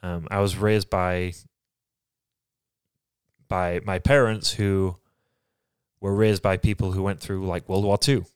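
A man from England, co-hosting a podcast and talking candidly about his life in a reflective, halting way. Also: low voice, level tone, clear, resonant tone, no room sound, studio quality. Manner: reflective, halting, soft-spoken. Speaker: podcast co-host. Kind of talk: candid personal conversation.

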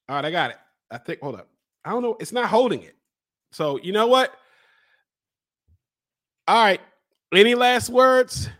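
A man from Baltimore hosts a casual solo vlog in a high, very animated voice with a bright edge. He talks playfully, teasing and drawing things out, and breaks into laughter often. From Baltimore, USA. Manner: lively, exclamatory. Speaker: podcast host.

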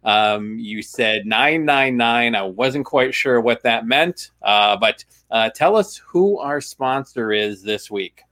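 A middle-aged man co-hosting a casual podcast, talking in a dry, deadpan way. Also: medium pitch, slow, few pauses. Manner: dry, deadpan delivery with many uh fillers. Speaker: podcast co-host.

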